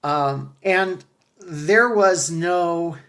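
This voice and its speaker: A man talking casually to his viewers, halting with fillers and restarts, then reading a passage aloud. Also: fairly high pitch, a bit bright. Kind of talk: casual commentary with a read-aloud excerpt.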